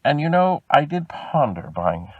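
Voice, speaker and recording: A man from Canada telling a long customer-service story, animated and exasperated in tone. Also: fairly high pitch, a little slow, dry recording, narrow, tinny audio. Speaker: video host. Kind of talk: storytelling vlog.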